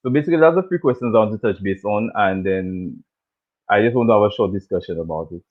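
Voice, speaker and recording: A man's voice: lowish voice, lively intonation, quick pace. A man hosting a casual chat that recaps a TV show, talking loosely, repeating himself and laughing often. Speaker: show host. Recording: tinny phone-like audio.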